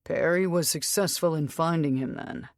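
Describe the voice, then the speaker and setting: A woman voicing a gruff male werewolf in an audiobook, speaking curtly and matter-of-factly in a low voice. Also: normal speed, dry recording, clean studio sound. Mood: calm. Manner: curt and matter-of-fact. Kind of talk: audiobook character reading.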